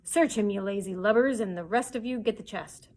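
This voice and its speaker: A woman voicing a cruel, raging blind old male pirate, shouting orders while reading a story aloud. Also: medium pitch, fairly quick, natural voice. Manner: shouting, snarling commands.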